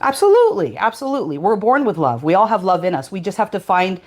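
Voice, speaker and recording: A woman's voice: medium pitch, expressive, fast, darkish tone. A woman answering interview questions in a hesitant way, with many fillers and restarts. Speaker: interview guest.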